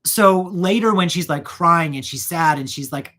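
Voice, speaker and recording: A man hosting his own channel, chatting casually while wrapping gifts, animated and prone to going off on rants and tangents. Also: on the high side, a little slow, few pauses. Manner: animated, ranting, goes off on tangents. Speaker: channel host.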